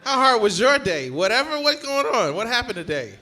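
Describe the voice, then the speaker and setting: A young man does stand-up crowd work in a long comedy club, speaking into a handheld stage mic. His voice sits high for a man and cuts through with a bright, forceful edge. He keeps a loose, profane back-and-forth going with the audience. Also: big pitch swings, fairly quick. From Georgia, USA.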